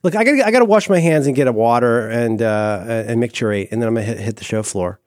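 Talking fast in a mid-range voice, this middle-aged podcast co-host gushes through loose comedic banter with lively, mock-wistful flair. He trips over himself and restarts lines as he goes. It's a studio-quality recording with no room sound.

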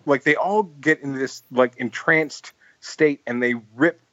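A man rambles through a story on a casual podcast, restarting his sentences often. His voice sits at an ordinary pitch and sounds dry and close. The sound is a little dull. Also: measured pace, a bit bright, no echo. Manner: rambling, full of "like" and restarts, laughs while telling stories. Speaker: podcast host.

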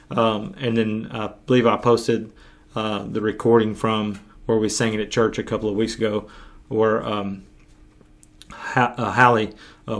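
A man preaching a podcast sermon as pastor, earnest and urging, with his voice going hoarse. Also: mid-range voice, fairly bright tone. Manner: earnest, urging, slow deliberate pauses. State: losing his voice.

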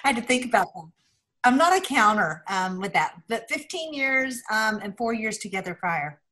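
A woman's voice: on the high side, sing-song, normal speed, pushed and bright. A woman in her forties, a podcast guest, answering casually with hesitant, self-deprecating remarks. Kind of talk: casual chat.

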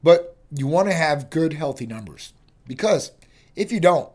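Man, slightly higher voice, casual explainer, chatty, keeps saying "you know". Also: expressive, darkish tone. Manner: chatty, repeats "you know" and "right?", acts out quick exchanges. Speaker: host of a medical clinic show.

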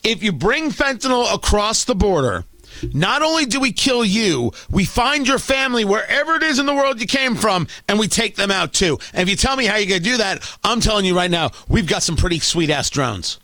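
A man's voice: high voice, very animated, brisk, bright, forceful tone, no echo, clean studio sound. A man hosting an opinion talk show, ranting sarcastically and stammering as he gets worked up.

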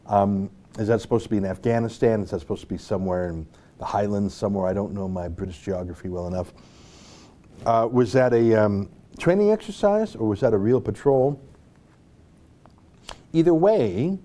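A man from North America hosts an online show with casual commentary. He rambles and turns sarcastic, breaking off for asides. His voice sounds mellow and warm. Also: fairly low pitch.

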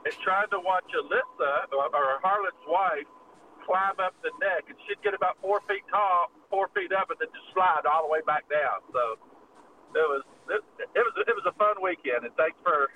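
A man co-hosting a casual chat, telling a story with animated energy and frequent laughter. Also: on the high side, recorded from a distance, a little hiss or hum, poor audio. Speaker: podcast co-host.

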